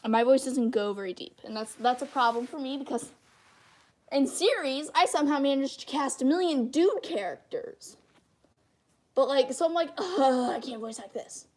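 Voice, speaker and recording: A teenage girl with a high-pitched voice, rambling and self-deprecating in casual livestream chat while she draws. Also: normal speed, darkish tone. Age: teens. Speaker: channel host.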